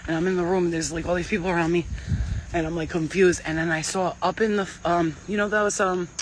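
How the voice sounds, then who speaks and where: A woman's voice: fairly low pitch, fairly even intonation, quick pace, poor audio. Psychic lady chatting away, blunt and swears a lot, bit of faint noise behind. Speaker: psychic medium. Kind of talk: casual spiritual reading and storytelling.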